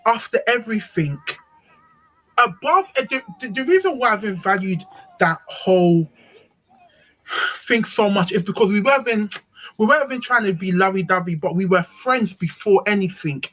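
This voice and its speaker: A woman telling a personal story on a live stream, animated and emphatic, often repeating herself. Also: medium pitch, normal speed, dull audio. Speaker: panel speaker.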